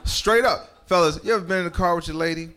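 Blunt, slightly high-voiced stand-up comic. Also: male voice, fast, pushed and bright. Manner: blunt, conversational, addresses the crowd directly. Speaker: stand-up comedian. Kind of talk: stand-up set. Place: comedy club stage.

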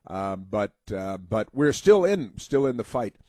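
A man's voice: on the low side, very animated, unhurried, dark tone, no echo. Rambling American man on talk radio. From United States. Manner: rambling, many uh fillers, mocking put-on voices. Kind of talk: political talk monologue.

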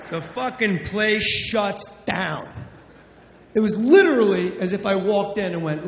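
A brash, foul-mouthed male stand-up comic with a fairly high voice for a man. His tough-guy patter rings around a roomy hall with a long echo. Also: measured pace. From New Jersey. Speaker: stand-up comedian. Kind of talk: stand-up storytelling. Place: large hall on stage. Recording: echoey hall reverb.

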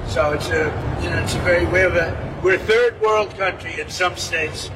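A man's voice: high voice, moderate pace. Rambling man recorded from far off. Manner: rambling, repetitive, trails off mid-sentence. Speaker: politician speaking to press. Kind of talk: rambling press remarks. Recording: distant mic, vehicle and outdoor noise.

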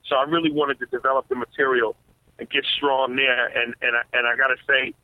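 A man who is a stand-up comedian, talking as a guest in a casual interview. He speaks in a relaxed way and stutters on repeated words. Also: mid-range voice, dry recording. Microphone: phone. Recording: tinny phone line.

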